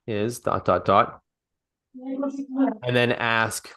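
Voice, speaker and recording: A man coaches a small group on sales during a live online call, speaking off the cuff, repeating and restarting phrases, and acting out sample dialogue. His medium-pitched, slightly bright voice swings widely in pitch, moving at a measured pace with long pauses.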